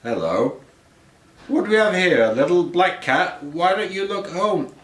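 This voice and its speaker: A man voicing a kindly, lonely old woman who speaks gently and soothingly in a read-aloud storybook. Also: sits high, expressive, a little slow, distant mic, voice pushed up. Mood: gentle. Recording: roomy echo.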